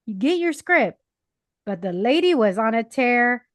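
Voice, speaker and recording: Animated high-voiced woman telling stories. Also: a little slow, no room sound, studio quality. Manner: animated, acts out quoted people. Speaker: podcast co-host. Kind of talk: casual chat, storytelling. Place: parents' house.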